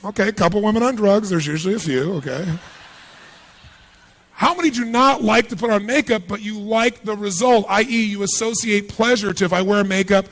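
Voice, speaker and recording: High, energetic man working a big crowd. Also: brisk. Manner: energetic, punchy, quizzes the audience. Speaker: motivational seminar speaker. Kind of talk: live motivational seminar talk. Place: large seminar hall with thousands present.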